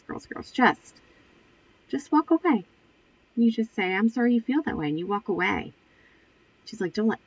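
A woman's voice: lowish voice, husky, highs cut off. A woman in her forties hosting a solo podcast, talking earnestly and encouragingly in a casual, conversational way. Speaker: podcast host and spiritual coach. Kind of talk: solo motivational talk.

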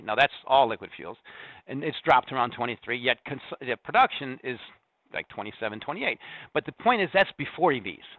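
A man's voice: medium pitch, dry recording. Middle-aged man, commodity analyst guest, dense with figures, heard over a thin phone-like line. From US Corn Belt. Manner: fast, data-heavy, restarts mid-sentence. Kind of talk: market interview. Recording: tinny phone-like line, dry.

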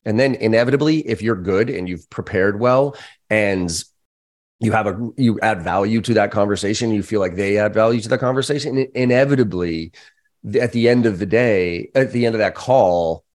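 A middle-aged man, a podcast guest and sales trainer, telling lively stories in casual, profane chat. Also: fairly low pitch, normal speed. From United States. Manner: animated storyteller, casual and profane, acts out quoted voices.

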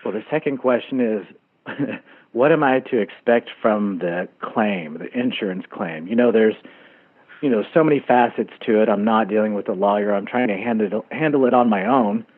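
A man's voice: on the low side, normal speed, slightly rough. Hesitant male caller on a tinny phone line. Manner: hesitant, many fillers. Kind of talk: phone-in question.

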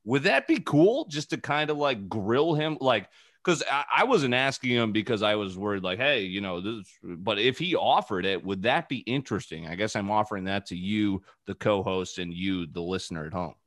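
A man's voice: fairly low pitch, animated, moderate pace, fairly bright tone, no echo. A man in his twenties hosting a casual podcast from his home studio, rambling through stories with lots of fillers. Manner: rambling, filler-heavy storytelling. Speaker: podcast host.

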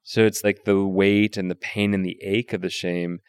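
A man with a fairly low voice hosts a relaxed interview, thinking out loud and ready with a joke. His voice is recorded dry and close, with no room sound. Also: moderate pace, clear, resonant tone, no echo. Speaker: podcast host. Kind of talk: conversational interview.

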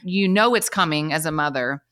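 A woman's voice: deep voice, animated, moderate pace, fairly bright tone. A woman in her forties, a guest, talking candidly and reflectively in casual conversation, full of fillers.

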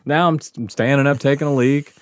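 A man's voice: medium pitch, steady tone, brisk, no room sound, studio quality. A middle-aged man, telling a rowdy, profane story on a podcast and laughing as he talks. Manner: rowdy, profane, laughs through his stories. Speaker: podcast host. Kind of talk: casual storytelling.

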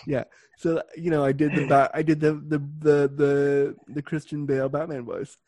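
A young man with a slightly raised pitch hosts a casual podcast chat. He talks bluntly and crudely, joking as he goes. His voice sits dry and close on the mic. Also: little pitch movement, normal speed, darkish tone, no echo. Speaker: podcast host.

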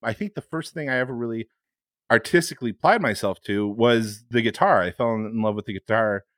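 A man's voice: medium pitch, fairly quick, fairly bright tone, no echo. A man co-hosting an improv comedy podcast, rambling earnestly between teasing bursts. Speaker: podcast co-host. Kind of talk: casual improv podcast chat.

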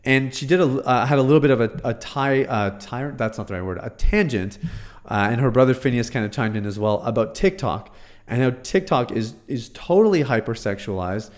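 Male commentator, earnest and conversational, mid-pitch, halting with fillers. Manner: earnest, hesitant with fillers and restarts. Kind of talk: casual commentary.

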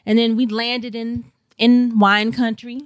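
A woman from St. Louis, Missouri, telling a travel story as a podcast guest in a lively, laughing way. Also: on the high side, slow pace, dry recording. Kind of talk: casual storytelling.

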